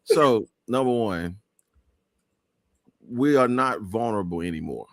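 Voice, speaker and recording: A man's voice: on the low side, animated, a little slow, dry recording, studio quality. A man hosting a live talk show, speaking in an emphatic, preachy way with many restarts.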